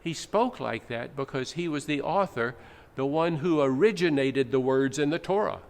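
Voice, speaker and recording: A man's voice: mid-range voice, animated, normal speed, gravelly, hardly any pauses. A male pastor preaching a sermon in a teacherly, explaining way, in a church. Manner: explanatory, teacherly, with dramatic readings. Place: church sanctuary. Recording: echoey church, faint background noise.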